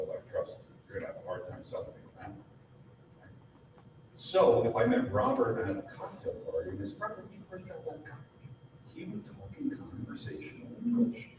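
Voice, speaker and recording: A man giving a live sales training seminar to an audience, punchy and full of rhetorical questions. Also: mid-range voice. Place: large room with audience. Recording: very echoey room, distant mic, background noise.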